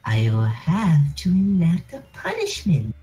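A man's voice: a little high, wildly swooping pitch, a little slow, music in the background, exaggerated voice. A man voicing a haughty, menacing male demon while reading game dialogue aloud. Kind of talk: fan voice-over of game dialogue.

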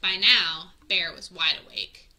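Lady reading a kids' storybook, super bright voice, chatty little explanations. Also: on the low side, slow, low-quality recording. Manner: adds friendly teaching asides. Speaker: children's story reader. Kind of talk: reading a picture book aloud.

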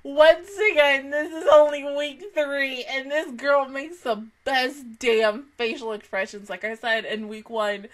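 A woman's voice: sits high, steady tone, measured pace, hardly any pauses. A woman reacting to an anime episode, gushing, laughing often and swearing freely in casual commentary.

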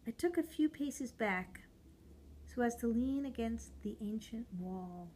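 A woman reading a short story aloud, slowly and deliberately, giving the characters' lines their own voices. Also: on the high side, animated, a little mellow, a little hiss or hum. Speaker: reader.

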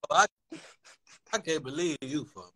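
A man's voice: fairly high pitch, expressive, normal speed, sharp tone, slightly rough. A man on a livestream argument, interjecting and protesting.

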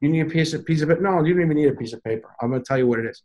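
A man's voice: a little high, rapid-fire, muffled recording. A man, a pizza chef and consultant, telling stories in a casual interview and acting out the voices of people he quotes. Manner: animated, acts out quoted voices.

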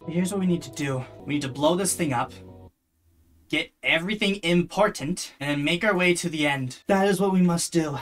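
A gamer talking to themself while playing, with dry, sarcastic asides and quiet muttering. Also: medium pitch, moderate pace, faint music behind. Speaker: let's play gamer. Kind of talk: casual gameplay commentary.

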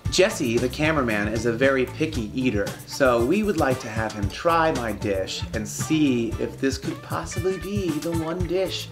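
A man's voice: medium pitch, lively intonation, normal speed, hardly any pauses, over music. A man cooking and chatting casually, joking and swearing often. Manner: profane, joking, playful. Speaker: home cook guest. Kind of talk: casual cooking demo and chat.

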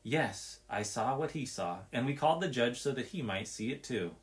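A man reading a nature story aloud in an expressive, measured way. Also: medium pitch.

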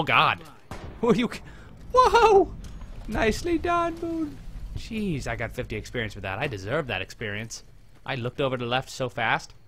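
A man casually commenting on his video game as he plays, rambling and joking, talking to his companion and breaking into sudden excited yelps. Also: on the low side, slight background noise. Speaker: gameplay commentator. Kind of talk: casual let's-play commentary.

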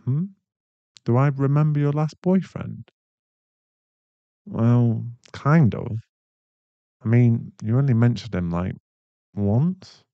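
A young man in a whispered role-play, voicing a caring, protective boyfriend who speaks softly and reassuringly, with a gravelly voice. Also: medium pitch, animated, no room sound, lo-fi sound. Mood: soothing. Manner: soft, reassuring, slow-spoken. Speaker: ASMR voice actor.

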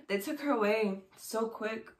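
A mother telling a personal story to camera, pausing often and restarting her sentences. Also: a little high. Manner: halting, with many fillers and restarts.

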